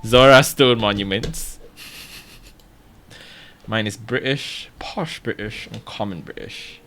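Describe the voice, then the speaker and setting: A man's voice: fairly low pitch, takes it slowly, a bit bright. A male streamer giving casual gameplay commentary, talking to himself, humming and joking as he plays. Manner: talks to himself, hums and jokes while playing.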